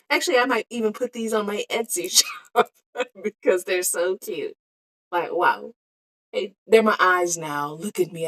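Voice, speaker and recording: A woman chatting casually to her live-stream viewers while making bead earrings on her phone, giggling and trailing off as she talks to herself. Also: medium pitch. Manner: giggly, self-talking, trails off mid-sentence. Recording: cellphone live-stream audio.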